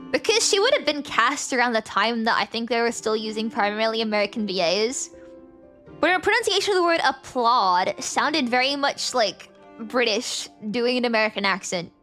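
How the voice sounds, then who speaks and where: A woman streamer giving casual, excitable gameplay commentary, swearing and boasting freely. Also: fairly high pitch. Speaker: VTuber streamer. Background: game music.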